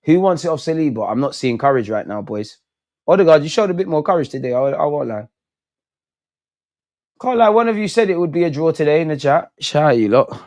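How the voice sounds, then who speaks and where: A man's voice: fairly high pitch, animated, fairly quick, darkish tone. A young man doing a live football watch-along, swearing, pleading with the players and throwing in lots of slang. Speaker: football fan streamer.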